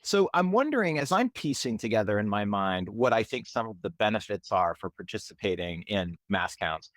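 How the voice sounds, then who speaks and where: A man hosts a podcast interview, posing thoughtful, reflective questions at length. His voice sits on the low side. The sound is dry and close. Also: very animated, moderate pace, a bit bright, no echo. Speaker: podcast host.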